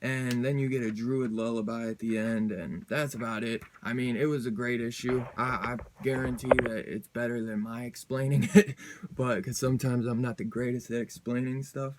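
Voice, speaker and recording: A man's voice: mid-range voice, steady tone, moderate pace, background noise. A man hosting his own comic book review channel, talking casually and rambling with lots of fillers, restarts and slang.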